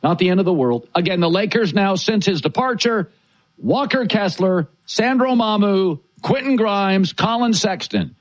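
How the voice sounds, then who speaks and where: A man's voice: sits high, animated, normal speed. A man hosting a sports talk show, giving emphatic, opinionated takes in a declarative way.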